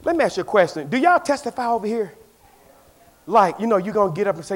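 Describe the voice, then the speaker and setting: Man preaching in church, really high voice, goes from low talk to shouting back and forth with the crowd. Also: very animated, quick pace. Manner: swings from low storytelling to shouted call-and-response preaching. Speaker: pastor. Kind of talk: sermon.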